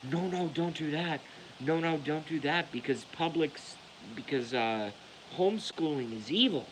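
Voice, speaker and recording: A man's voice: fairly high pitch, unhurried, slight background noise, close to an everyday voice, low-quality recording. A man putting on the voice of a condescending public school staff member. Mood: insistent.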